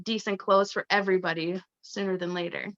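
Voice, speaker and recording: A woman's voice: mid-range voice, fairly even intonation, brisk. A woman from Canada, a podcast guest, chatting casually and laughing often. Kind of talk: casual interview chat. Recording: slightly muffled lo-fi audio.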